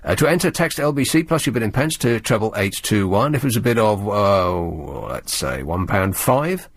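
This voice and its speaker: A male radio presenter in a studio, talking in a sardonic, rambling way with animated emphasis. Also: lowish voice, normal speed, no echo. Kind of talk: late-night radio talk. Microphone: studio microphone.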